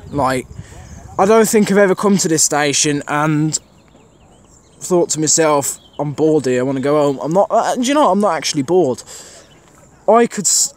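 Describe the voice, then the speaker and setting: A man filming trains on an outdoor station platform, giving a rambling, casual commentary full of fillers to his camera mic. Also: a little high. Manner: chatty, rambling, thinks aloud with many fillers.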